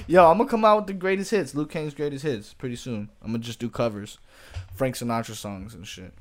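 A man's voice: mid-range voice, expressive, a little fast. A man and streamer ranting jokingly to camera in a casual, profane, slang-heavy way. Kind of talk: casual comedic rant to camera.

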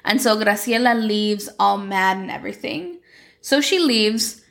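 A young woman recaps a series plot in loose, chatty talk full of "like" and acted-out quotes. Her voice carries a gravelly fry at mid pitch. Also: animated, unhurried, fairly bright tone. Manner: chatty, fills with "like", acts out quotes. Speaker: show recapper.

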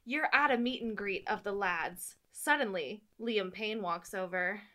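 A woman's voice: medium pitch, unhurried, sharp tone. A young woman hosting a podcast in casual chat, giggly with big exaggerated reactions. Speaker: podcast host.

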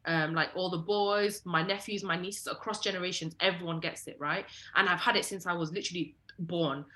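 Bright-voiced woman telling stories. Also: lowish voice, brisk. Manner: animated, lots of "like" fillers, jumps into quoted voices. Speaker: podcast co-host. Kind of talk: casual storytelling chat.

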